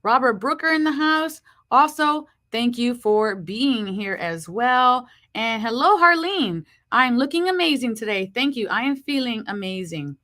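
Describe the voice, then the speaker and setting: A woman hosting a spiritual live stream, her voice sitting a little high. She talks with a slight lisp and an upbeat, chatty manner as she greets viewers and reads oracle cards. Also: big pitch swings. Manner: slow hushed reading of card messages. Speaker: host. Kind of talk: live-stream horoscope show.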